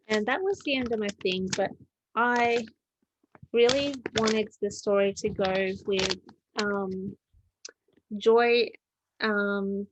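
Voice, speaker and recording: A woman reading her own story aloud, with plain, unhurried narration and small slips she corrects. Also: mid-range voice, dry recording.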